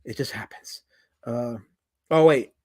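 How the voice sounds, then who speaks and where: A man's voice: medium pitch, a little slow, a little mellow. A man hosting a livestream, reading viewer chats aloud and answering them in a joking, mock-indignant way that trails off into mumbles. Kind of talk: rambling livestream chat.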